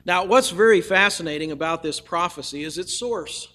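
A man's voice: sits high, normal speed, bright, forceful tone. A male preacher telling a scripture story in a folksy, humorous way, with casual asides to the listeners. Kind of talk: storytelling sermon.

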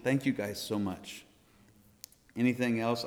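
An American man speaks as a missionary to a church congregation, earnest and folksy, and he laughs often. His voice sits a little high for a man. The room behind him is a church hall, and it rings with a long reverb. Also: moderate pace. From United States.

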